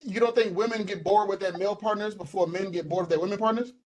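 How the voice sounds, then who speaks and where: A young man holds forth on a casual podcast, fairly high in pitch. He is animated and emphatic and circles back over the same words to drive a point home. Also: fast, low-quality recording. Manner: animated, emphatic, repeats himself for stress. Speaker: podcast co-host. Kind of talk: casual opinionated chat.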